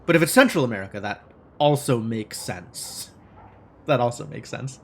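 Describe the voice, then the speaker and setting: A man streaming a game live, thinking aloud and joking at himself in an animated way. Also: medium pitch, moderate pace, a little hiss or hum.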